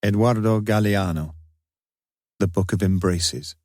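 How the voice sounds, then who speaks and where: A man reading an audiobook in a measured, even scripted narration. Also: on the low side, dry recording, clean studio sound.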